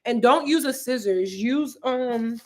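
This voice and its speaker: A twenty-something woman from Philadelphia hosts a livestream from her apartment, speaking slowly in a fairly high voice over a noisy background. She reads viewer comments and rambles casually, with lots of "like" and "um."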